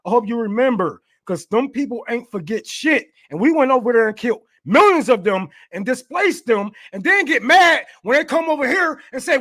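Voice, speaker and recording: High-voiced man ranting, profane and heated. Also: animated, normal speed, hardly any pauses, a bit bright. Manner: stammering, laughing, heated. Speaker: podcast host.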